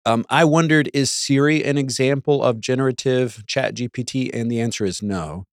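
A man's voice: medium pitch, moderate pace, dry recording, clean studio sound. A man hosting a talk show in a casual monologue, with wry, sarcastic asides and mock voices for quotes. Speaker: podcast host.

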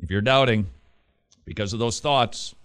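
A man hosting a casual Christian radio talk show, chatting quickly and then driving his points home with emphatic, repeated exhortations. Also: on the low side, smooth. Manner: lively, emphatic, rising to forceful exhortation; quick, chatty asides with restarts and laughs.

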